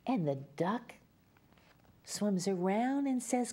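Speaking to young children, a Louisiana woman with her region's accent reads a story in a gentle, unhurried way. Her mellow, medium-pitched voice rises and falls in a sing-song lilt as she coaxes the little ones to take part.

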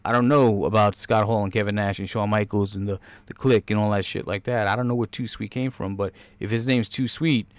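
A man hosting a podcast, reacting casually to a movie trailer in a rambling, excitable, profane way. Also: fairly low pitch, fairly quick, hardly any pauses. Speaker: podcast host.

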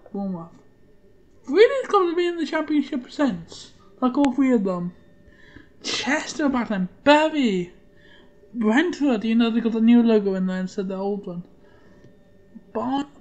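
A woman's voice: on the high side, darkish tone. A woman giving casual let's-play commentary, rambling and muttering to herself and swearing now and then. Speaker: gaming channel host.

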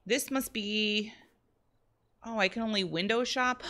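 A woman streaming a life-simulation game, chatting excitedly with her viewers as she plays. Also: mid-range voice, measured pace, long pauses. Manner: bubbly, excitable, chatty with chat. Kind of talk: live-streamed game commentary.

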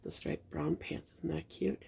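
A middle-aged woman who collects reborn dolls and hosts a channel chats casually to viewers while showing off baby clothes in an unboxing, gushing and sentimental with frequent fillers. Her low-pitched, steady voice is unhurried, mellow and slightly rough, with vocal fry.

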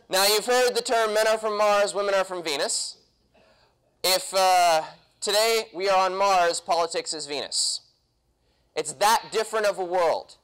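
A man's voice: sits high, fairly bright tone, clean tone, rough recording. A young man speaking at a political convention, punchy and quizzing the audience with questions. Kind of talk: political talk to a live audience. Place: convention hall.

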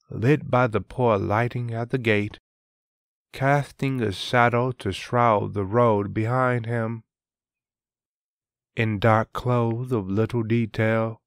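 A man reading a fantasy story aloud as narrator, in a measured, even way. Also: mid-range voice, clean tone, no echo. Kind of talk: audiobook narration.

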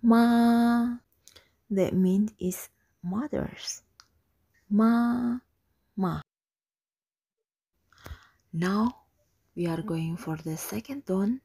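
Slow, patient woman teaching tones. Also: medium pitch, creaky, warm tone, breathy edge. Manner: slow and patient, repeating syllables, often half-whispered. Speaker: language teacher. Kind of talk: slow beginner pronunciation lesson.

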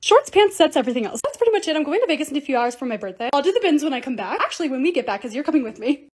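A woman's voice: sits high, sing-song, racing. A woman in her twenties narrating a casual lifestyle vlog, bubbly and gushing over cute things. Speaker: lifestyle content creator.

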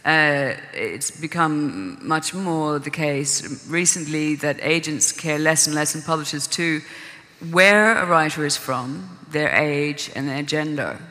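A woman's voice: low voice, slow, bright, forceful tone. A woman novelist talking on a festival panel, thinking aloud with restarts and the odd laugh. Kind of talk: casual panel discussion. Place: conference hall. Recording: reverberant hall.

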